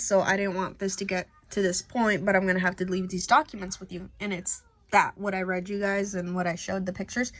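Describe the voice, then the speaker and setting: A woman family vlogger telling a personal story in a casual, animated way, using slang. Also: medium pitch, brisk, few pauses. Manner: animated, emphatic retelling with slang.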